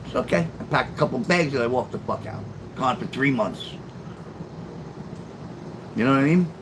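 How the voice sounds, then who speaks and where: A man's voice: medium pitch, moderate pace. A middle-aged man chatting casually on a late-night livestream, answering viewers by name, swearing freely in a sarcastic, rambling way. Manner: talks back to chat, profane and sarcastic. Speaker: live streamer. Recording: steady background noise.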